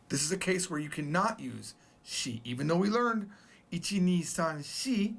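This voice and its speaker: Male language teacher, casual and playful, lively swings in pitch. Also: unhurried, gravelly. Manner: playful, joking, chatty. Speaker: Japanese teacher. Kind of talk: casual video lesson.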